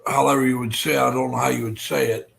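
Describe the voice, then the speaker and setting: An American man hosting a live stream, chatting casually and rambling with many fillers and pauses. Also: mid-range voice, flat delivery, creaky, a bit bright, low-quality recording. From United States. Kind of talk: casual chat.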